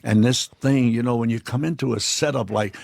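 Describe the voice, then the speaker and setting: A man, a guest in an interview, telling profane anecdotes in a blunt, animated way and acting out the dialogue. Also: mid-range voice, fairly quick, gravelly, dry recording.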